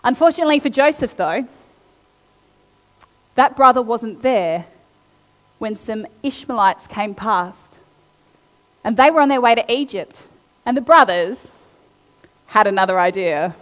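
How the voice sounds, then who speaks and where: A woman preaching a sermon, reading scripture aloud and then retelling it with animated, acted-out quotes. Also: a little high, unhurried, long pauses. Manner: animated storytelling, acting out quotes. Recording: long hall reverb.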